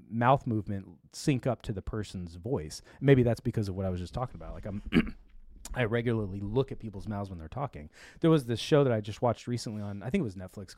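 A man's voice: on the low side, a little mellow, dry recording, clean studio sound. A man hosting a tech show in casual chat, rambling along with lots of fillers and restarts.

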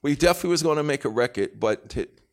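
A man as an interview guest, telling an animated anecdote in casual, profane slang, with sharp pitch jumps whenever he acts out what someone said. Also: fast. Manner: animated, swings pitch sharply when acting out quotes. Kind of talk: storytelling anecdote.

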